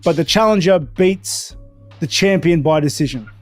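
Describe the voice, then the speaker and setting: A man with a higher voice makes his case in casual talk. He keeps checking that his listener follows him, with faint music behind. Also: moderate pace, no room sound. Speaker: fighter giving a prediction. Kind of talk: casual conversational prediction.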